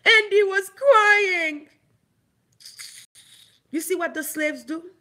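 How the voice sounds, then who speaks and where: Haitian woman on a heated profane rant, high bright voice, mocking. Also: slightly rough. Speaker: online commentator. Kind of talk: angry ranting vlog.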